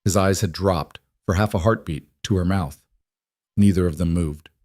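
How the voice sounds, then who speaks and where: Male narrator for a dramatic story, low pitch, measured, dry. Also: a little mellow, no echo.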